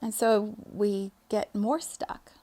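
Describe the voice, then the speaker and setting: A young woman, a spiritual coach, giving an earnest motivational monologue, laughing often and sometimes dropping to a soft whisper. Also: mid-range voice, fairly even intonation, slow pace.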